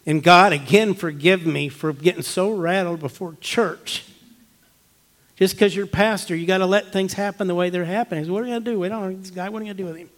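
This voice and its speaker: A male pastor delivers a storytelling sermon in church. His voice sits somewhat high for a man. He drops to near-whispers for tense moments and lifts into loud, urgent appeals. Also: a little fast. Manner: storytelling, swings from hushed to emphatic.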